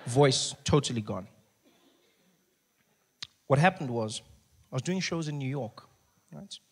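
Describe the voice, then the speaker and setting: A man telling a stand-up comedy story, acting out other people in hushed and loud voices. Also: mid-range voice, takes it slowly, husky. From South Africa. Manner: animated, acts out characters in hushed and loud voices.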